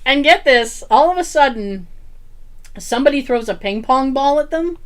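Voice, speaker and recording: Animated woman telling a story. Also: high-pitched, normal speed. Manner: animated storyteller, acts out quotes, laughs often. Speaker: podcast co-host. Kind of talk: casual chat.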